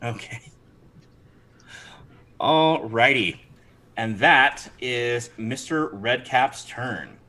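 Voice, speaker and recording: A man running a tabletop game as game master, narrating lively and laughing, stopping to correct himself. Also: mid-range voice, drawn-out words, long pauses.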